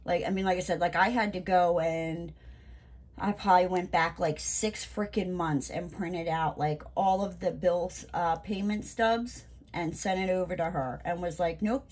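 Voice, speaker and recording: A woman's voice: on the low side, normal speed, darkish tone. Ranting woman. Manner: ranting, exasperated, emphatic; lots of fillers like "you know" and "like". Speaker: crafting vlogger. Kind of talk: casual chat while crafting.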